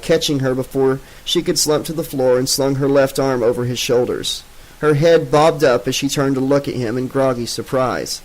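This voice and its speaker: A man narrating a novel in a steady, even way. His voice sits at a middling pitch and keeps the story moving. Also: rough recording. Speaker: audiobook narrator. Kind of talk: audiobook narration.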